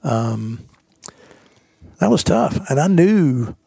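A man's voice: fairly high pitch, very animated, extremely slow, creaky, warm tone, breathy edge, no echo, studio quality. A man in his fifties, a golf professional telling his stories as a guest in a casual interview, earnest and rambling, often repeating himself.

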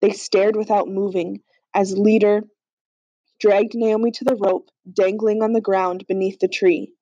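A woman reading a storybook aloud in a steady, earnest way, on a slightly dull, lo-fi recording. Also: medium pitch, unhurried, no room sound. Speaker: audiobook reader. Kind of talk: storybook narration.

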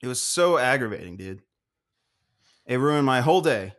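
A young man co-hosting a casual podcast, ranting in a profane, animated way. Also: mid-range voice, normal speed. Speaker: podcast co-host.

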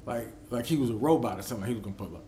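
Loose, animated middle-aged man storytelling. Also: mid-range voice, very fast, a little hiss or hum. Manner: animated storyteller who acts out quotes; loose and profane. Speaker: podcast host. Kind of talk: casual podcast monologue.

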